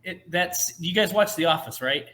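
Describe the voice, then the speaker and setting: Bright, high-voiced young man telling stories. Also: moderate pace. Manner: animated storyteller, laughs and breaks into a put-on voice. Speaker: podcast co-host. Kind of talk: casual chat.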